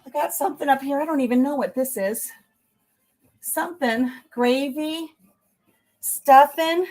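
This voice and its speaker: A woman's voice: high-pitched, unhurried, a little mellow. Chatty woman livestreaming while cleaning, slightly breathless. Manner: chatty, talks to viewers while working. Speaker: livestream host. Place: home kitchen.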